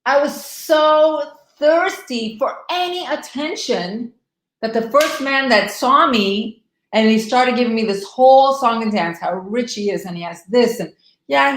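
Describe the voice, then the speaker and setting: A middle-aged woman coaching divorced women on a live stream, emphatic and animated, speaking straight to her viewers. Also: fairly high pitch, echoey room, poor audio.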